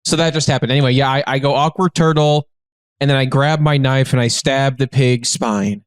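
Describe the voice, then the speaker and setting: A man's voice: mid-range voice, steady tone, fairly quick. A man co-hosting a comedy podcast who chats casually and jumps into playful, jokey bits. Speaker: podcast co-host.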